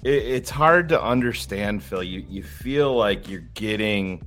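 A man's voice: fairly low pitch, lively intonation, measured pace, a bit bright, soft background music. A man co-hosting a live post-game show, breaking down play calls with frustration and some swearing. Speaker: podcast co-host. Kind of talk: post-game sports analysis.

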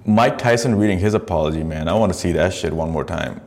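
A man's voice: sits low, fast talker, gravelly. A man hosting a podcast, commenting on videos in a profane, rambling way and laughing often. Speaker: podcast host.

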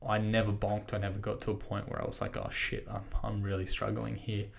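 An Australian man with a low, gravelly voice and a lot of fry. He talks in a laid-back, rambling way as he recaps for his podcast, swearing freely. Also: flat delivery, brisk. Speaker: podcast host. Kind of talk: casual spoken recap.

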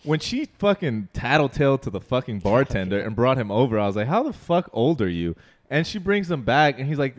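A man's voice: mid-range voice, sing-song, brisk. A young man co-hosting a podcast, chatting casually, swearing and laughing while retelling a story. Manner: laughs often, swears, retells with quoted voices. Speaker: podcast co-host. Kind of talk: casual chat.

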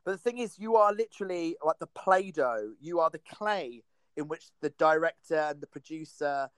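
Male host, casual chat, emphatic, slightly high voice, dry sound. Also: fairly bright tone, smooth, no room sound. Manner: enthusiastic, emphatic, quick to laugh. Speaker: podcast host.

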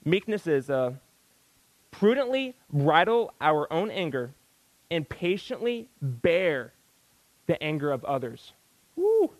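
A man's voice: on the high side, very animated, slow pace, long pauses, no echo, poor audio. A man preaching a sermon in a folksy, exclamatory way, breaking into sudden outbursts.

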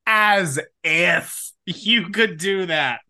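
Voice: mid-range voice, very slow, bright, forceful tone. A podcast co-host who recaps TV scenes step by step, then banters with a sibling co-host. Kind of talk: casual recap chat.

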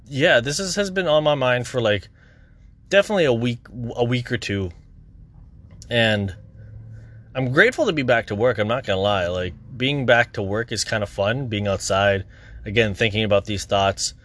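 A man's voice: mid-range voice, expressive, moderate pace, fairly bright tone. A young man talking through his worries in a candid, rambling vlog, swearing often. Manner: rambling, restless, swears a lot. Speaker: content creator. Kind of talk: candid personal vlog monologue.

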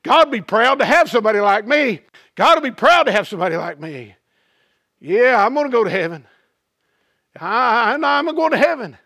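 A man's voice: very high-pitched, very animated, normal speed, sharp tone, dry recording, studio quality, heavily acted. A man preacher playing an arrogant rich man who brags and swaggers about his own worth. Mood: smug. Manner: bragging, swaggering. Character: boastful rich man, arrogant and sure of himself.

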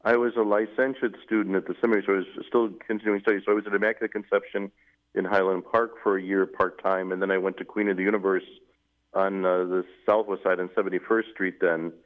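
A man, a newly appointed bishop, recounting his past in an interview in a measured, halting way with many fillers. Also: deep voice, little pitch movement. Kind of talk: interview conversation, recounting memories. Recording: phone-like narrow band, radio broadcast.

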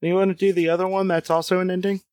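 A man with a fairly high voice reads a gamebook aloud, breaking off for wry asides and chuckles. His voice sounds close and dry, with little room sound. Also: flat delivery, rapid-fire, a little mellow, no echo. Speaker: podcast co-host reading a gamebook aloud. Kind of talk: casual chat and read-aloud narration.

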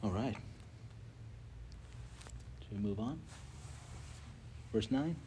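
A man's voice: on the low side, lively intonation, drawn-out words, mellow, slight background noise. A man leading a casual group Bible study, telling stories with lots of filler words and reading Scripture aloud.

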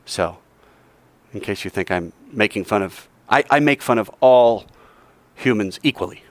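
A male teacher giving an animated classroom lecture, quizzing the class and joking as he goes. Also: lowish voice, moderate pace, dry recording.

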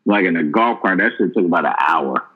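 Low-voiced man with a lively, rambling delivery. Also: fairly quick, narrow, tinny audio. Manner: rambling, filler-heavy, profane. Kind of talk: casual chat.

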